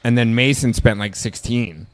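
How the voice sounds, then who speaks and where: Male podcast host, mid-range voice, animated anecdote teller, laughs a lot, very casual. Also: medium pitch, normal speed, dry recording. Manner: animated storyteller, laughs often, says "like" and "dude" a lot. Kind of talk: casual chat.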